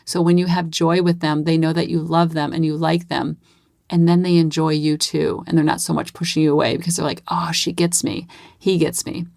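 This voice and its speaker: A woman's voice: low-pitched, level tone, brisk, gravelly, darkish tone, no room sound, clean studio sound. A woman in her thirties hosting a parenting podcast, chatting in an upbeat way. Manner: chatty, upbeat, acts out kids' voices. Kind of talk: casual solo podcast talk.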